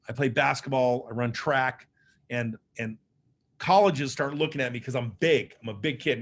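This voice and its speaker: Earnest man telling his life story. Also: medium pitch. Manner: earnest, conversational, frequent fillers and restarts. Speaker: motivational speaker. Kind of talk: personal storytelling speech.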